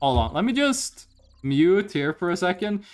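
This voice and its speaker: A man streaming live, chatting casually with viewers, hyped and swearing, reading chat aloud in a voice he pitches higher on stream. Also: very animated, normal speed.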